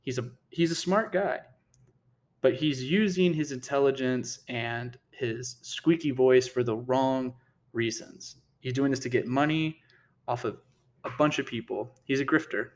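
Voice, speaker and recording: Man, casual commentary, indignant, heated rant, stammering restarts, mid pitch. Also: measured pace. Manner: heated, indignant, repeats himself and restarts often. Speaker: political commentator.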